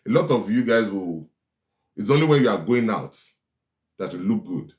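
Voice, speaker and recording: A man giving forceful relationship advice, often repeating his lines for stress. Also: lowish voice, animated, normal speed. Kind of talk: preachy advice talk. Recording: echoey room.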